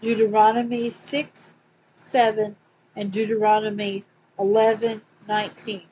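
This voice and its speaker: A woman with a Southern accent, reading Bible questions and verses aloud slowly, with small slips and asides. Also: medium pitch, level tone, warm tone, a little hiss or hum, low-quality recording. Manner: slow and deliberate, reads quotes slowly with small slips and asides. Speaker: Bible study reader.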